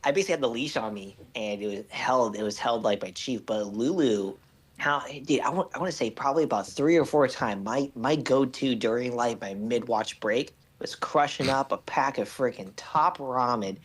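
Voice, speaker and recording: A man's voice: medium pitch, normal speed, slightly rough. A man telling a rambling story in casual podcast chat.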